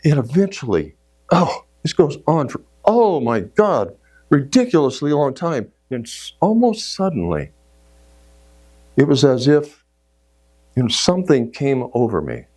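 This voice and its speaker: Man giving a sermon, slow deliberate pace, lively swinging pitch, dramatic storytelling. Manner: dramatic, acts out inner voices, ranges from shouts to hushed tones. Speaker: speaker at a church service.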